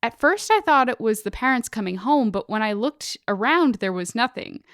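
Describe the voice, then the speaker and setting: A woman's voice: on the high side, animated, normal speed, fairly bright tone, clean tone, dry recording, studio quality. A woman podcast co-host reading out a listener's spooky story in a casual, dramatic, swearing way.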